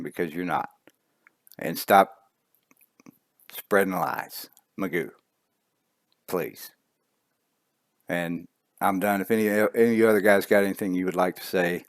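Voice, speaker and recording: A man who runs an online racing league, speaking earnestly and emotionally, halting and repeating words as he talks to the members. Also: deep voice, no echo, studio quality. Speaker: league admin. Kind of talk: emotional video statement.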